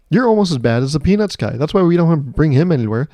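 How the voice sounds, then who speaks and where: A man's voice: mid-range voice, animated, fast talker, few pauses, mellow, no echo. A man hosting his own podcast, ranting alone in a sarcastic, profane, joking way and often laughing at his own lines. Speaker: podcast host. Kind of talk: solo comedic podcast monologue.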